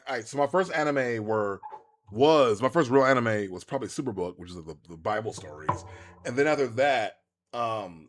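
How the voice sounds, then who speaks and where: A man, chatting casually to viewers while streaming a game, rambling and animated with many restarts. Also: mid-range voice. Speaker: gaming streamer. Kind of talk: casual live-stream chat while playing.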